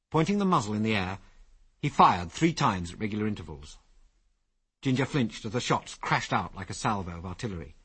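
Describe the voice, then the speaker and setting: A man narrating an adventure story as an audiobook, with lively, expressive storytelling. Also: lowish voice, husky.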